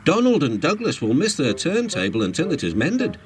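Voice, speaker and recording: A man's voice: on the high side, wildly swooping pitch, a little fast. A man doing a prim, polite tank engine. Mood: reproachful. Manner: courteous, reproachful. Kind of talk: storybook character voice.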